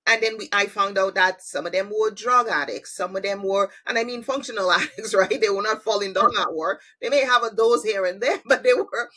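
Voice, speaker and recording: A woman's voice: medium pitch, brisk, few pauses, pushed and bright. A woman hosting a podcast, enthusiastic and affirming as she explains her own model. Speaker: podcast host and conflict analyst. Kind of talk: interview conversation.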